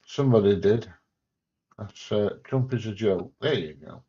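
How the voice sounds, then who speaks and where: A warm, lowish voice belongs to an English livestream host talking at a measured pace from his home. Casual and blunt, he goes through viewer comments with jokes and mild swearing over dull lo-fi stream audio.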